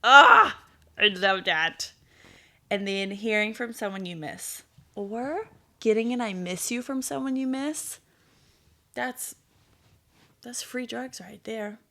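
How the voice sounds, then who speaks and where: A woman's voice: on the high side, slow, pauses often. A woman in her thirties hosting a casual solo podcast, chatty and blunt, swearing freely and laughing at herself. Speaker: podcast host.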